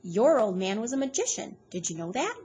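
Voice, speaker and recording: A woman reading aloud, voicing a loud, mocking woman who giggles and taunts. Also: mid-range voice, sing-song, fairly quick, husky, pitched above the performer's own voice. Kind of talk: read-aloud storytelling.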